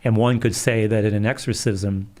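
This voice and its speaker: A middle-aged man, a Catholic priest, calmly telling stories in an interview. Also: on the low side, normal speed. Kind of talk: storytelling in a livestream interview.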